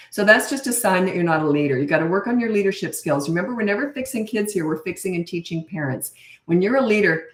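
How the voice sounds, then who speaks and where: A woman's voice: lowish voice, recorded from a distance. A middle-aged woman, a parenting coach, answering viewer questions in a live Q&A. She talks bluntly and frankly, chatty, with frequent restarts. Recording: echoey room, voice off-mic.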